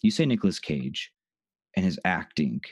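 A man co-hosting a podcast, chatting casually about a movie, talking in halting bursts with many restarts. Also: sits low, very animated, no room sound. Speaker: podcast co-host. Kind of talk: casual movie review chat.

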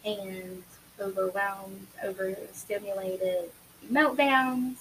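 A woman's voice: medium pitch, fairly even intonation, slow pace, fairly bright tone, a little hiss or hum, poor audio. A woman co-hosting a podcast who speaks candidly and reflectively in casual chat. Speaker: podcast co-host.

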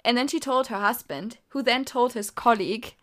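A woman co-hosting a podcast in casual chat, telling animated stories and acting out quotes. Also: fairly high pitch, moderate pace. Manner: animated storyteller, acts out quotes. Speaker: podcast co-host.

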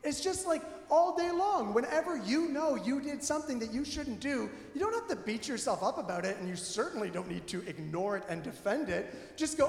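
Animated pastor with a high, gravelly voice. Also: male voice, moderate pace. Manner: animated, candid, self-deprecating. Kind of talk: conversational sermon. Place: church sanctuary. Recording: echoey hall with long reverb.

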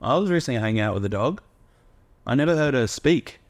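A man's voice: medium pitch, expressive, fairly quick. An Australian man co-hosting a casual podcast, musing with playfully absurd questions. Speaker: podcast co-host. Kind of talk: casual banter.

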